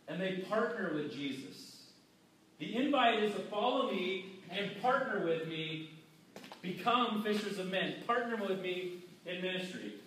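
Guy preaching a sermon, chatty and acting out the people in it, highish voice, big echoey hall from far off. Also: a bit bright, a little hiss or hum. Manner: conversational, acts out quoted voices. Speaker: pastor.

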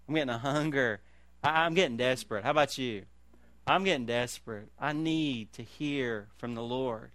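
A middle-aged pastor preaches in an animated way, his voice sitting a touch high for a man. He moves from loud calls down to quiet, slow emphasis. The sound is dry and close. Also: clean tone, no room sound. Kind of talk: sermon.

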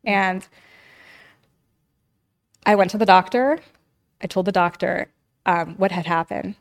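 Earnest woman telling a hard story. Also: mid-range voice. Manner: earnest, halting, many fillers and restarts. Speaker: podcast guest. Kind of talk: candid personal storytelling.

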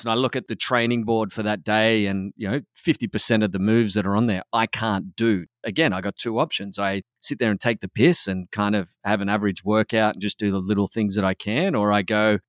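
A man's voice: lowish voice, steady tone, a little fast, dry recording, clean studio sound. An Australian man talking candidly and casually on a podcast, swearing freely and calling his co-host "man" and "mate".

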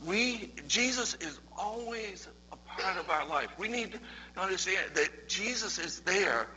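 Man, sermon, conversational storytelling, fairly high voice, faint background hiss. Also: lively intonation, unhurried, low-quality recording. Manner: conversational, repeats words, builds in loudness and pitch toward the end. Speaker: preacher.

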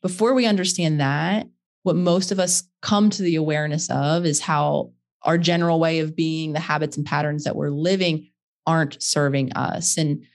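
A woman hosting a podcast asks long, thoughtful questions, slowly searching for the right words. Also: sits low, fairly even intonation. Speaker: podcast host. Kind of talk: interview questions.

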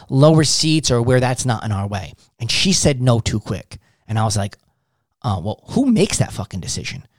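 A man's voice: medium pitch, no room sound, studio quality. A man coaching on sales in blunt, profane casual talk, acting out little dialogues as he tells stories. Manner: blunt, swearing, acts out dialogues. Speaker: sales trainer.

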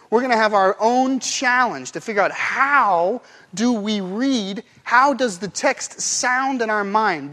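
A man's voice: sits high, a bit bright. A man preaching a sermon as pastor, playful and demonstrative, acting out one phrase in many different tones of voice. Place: church sanctuary.

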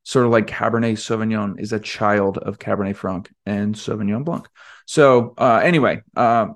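Rambling low-voiced podcast host. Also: male voice, moderate pace. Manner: rambling, self-deprecating, many fillers. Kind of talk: casual solo podcast talk.

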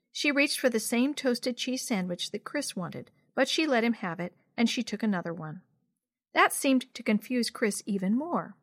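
A woman reads a children's story aloud in a clear, steady voice. Her pitch sits fairly high. The recording is dry and close, with no room sound. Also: no room sound. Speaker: narrator. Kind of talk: storybook narration.

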